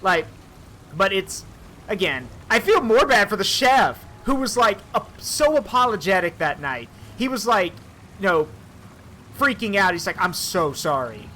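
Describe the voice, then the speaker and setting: A man streaming a game, telling stories in an animated way with swearing and asides, in casual chat. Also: sits high, moderate pace, a little hiss or hum. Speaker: streamer and host.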